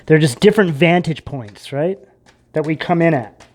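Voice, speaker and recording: Casual tarot reader, chats loosely to camera, lots of "like" and "right?", mid-pitched voice, drifts into quiet asides. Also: lively intonation, normal speed. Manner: chatty and rambling, with many fillers and tag questions.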